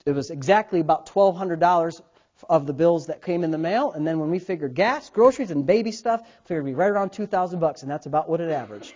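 A man in his thirties, a pastor preaching a sermon, telling stories with big swings from quiet asides to loud, laughing bursts. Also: a little high, animated, quick pace. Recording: dull lo-fi sound.

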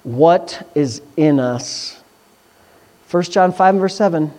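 A pastor, preaching in a conversational, animated way, with asides and quick questions to the congregation. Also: medium pitch. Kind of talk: sermon.

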